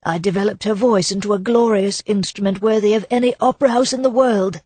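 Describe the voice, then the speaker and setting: A woman reading an audiobook, voicing a shy, grieving older man who speaks softly and apologetically. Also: mid-range voice, a little fast, husky, dry recording, voice pushed up, close to an everyday voice. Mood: mournful. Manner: soft, apologetic, subdued. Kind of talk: audiobook narration.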